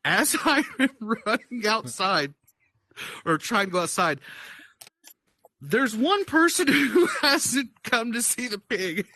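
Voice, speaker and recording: Bright-voiced man telling a wild story. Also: extremely high pitch, slow pace. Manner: animated, profane, laughing storyteller. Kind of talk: casual storytelling. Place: virtual-world chat session.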